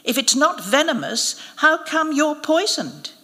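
A woman's voice: on the high side, expressive, moderate pace, a bit bright. A woman voicing the cutting, dry lines of a scornful young woman in a story read at a live event. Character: scornful young woman hitchhiker, cold and merciless. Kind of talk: literary reading. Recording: long reverb of a live event hall.

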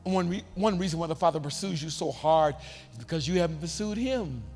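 A man preaching a sermon as bishop, animated and given to shouting for emphasis. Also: on the high side, a little fast, big-room sound, faint music behind.

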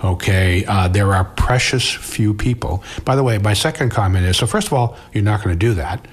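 A man's voice: fairly low pitch, animated, moderate pace, slightly rough. A middle-aged man who works as a financial advisor, answering interview questions in a conversational way, restarting words and often ending his points with "okay?".

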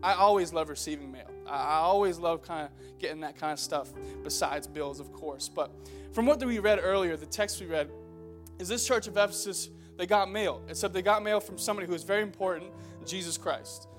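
High-voiced young male preacher, joking. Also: a little fast, faint music behind. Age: young adult. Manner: joking storyteller who builds into earnest exhortation. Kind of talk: humorous sermon. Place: church auditorium before a congregation.

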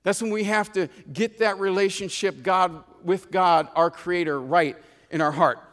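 A man's voice: sits high, steady tone, measured pace, a bit bright, big-room sound. A man preaching a sermon as pastor, telling a story and stretching out key phrases for emphasis, often repeating himself. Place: church sanctuary.

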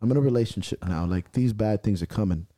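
A man's voice: lowish voice, quick pace, dry recording, clean studio sound. A man telling a personal story in a casual podcast conversation, intense and profane, acting out the angry things he said to himself. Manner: intense, profane storytelling, acting out his own shouted self-talk. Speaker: strongman athlete and podcast guest.

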